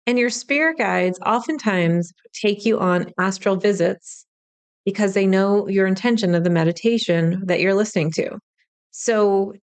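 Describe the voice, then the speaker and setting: A woman's voice: mid-range voice, clear, resonant tone. A woman hosting a solo spiritual podcast, talking straight to the listener in a chatty, reassuring way. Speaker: podcast host, spiritual teacher. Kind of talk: casual solo podcast talk.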